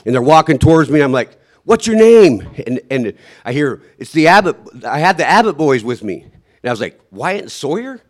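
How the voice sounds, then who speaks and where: Halting man recounting an ordeal. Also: mid-range voice, lively intonation. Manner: halting, restarts and trails off, hushed at times; recounts vividly, acting out his own shouts. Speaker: survivor telling his story. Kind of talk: emotional personal account.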